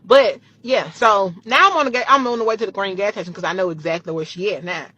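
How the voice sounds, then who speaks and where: Bright-voiced woman telling a heated story. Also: mid-range voice, fast, no room sound, highs cut off. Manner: animated, profane, heated retelling. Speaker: storytime vlogger. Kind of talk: casual storytelling.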